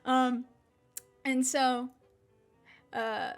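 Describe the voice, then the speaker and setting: A woman's voice: high voice, flat delivery, drawn-out words, faint music behind. A young woman around twenty from Mississippi, chatting casually on a stream, rambling, swearing and laughing, with an unusual slack-jawed accent. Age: about 20.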